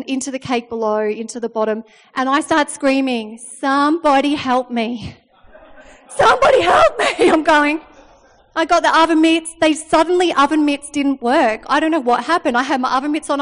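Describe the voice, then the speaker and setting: A woman, preaching a sermon in a chatty, animated storytelling way, often checking in with "okay?". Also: high-pitched, big-room sound. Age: 30s.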